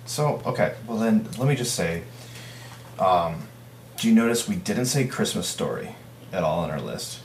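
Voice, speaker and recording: A very low-voiced man gives blunt opinions in a casual chat. The room rings around him, and a faint hum runs underneath. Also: very animated, normal speed, echoey room.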